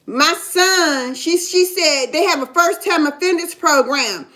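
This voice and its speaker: High-voiced emphatic woman telling a story. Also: measured pace, bright, forceful tone. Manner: emphatic, keeps asking "you understand?". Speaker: mother telling her story. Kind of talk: casual storytelling. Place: in Ohio.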